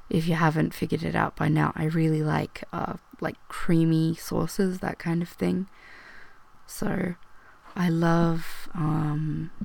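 Hoarse, sick-sounding young woman, slow and gravelly. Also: on the low side, a little mellow. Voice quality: rambling, hesitant, with many ums. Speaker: video host. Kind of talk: soft-spoken question-tag chat, partly whispered.

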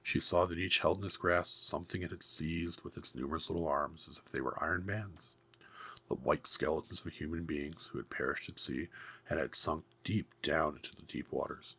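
A man reading a fairy tale aloud in a measured, grave storybook narration. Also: a bass voice, pushed and bright, slightly rough.

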